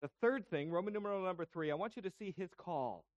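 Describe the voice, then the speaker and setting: Male pastor, sermon delivery, high pitch, explanatory and questioning, dry recording. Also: quick pace, no room sound, highs cut off. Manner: explanatory, asks rhetorical questions.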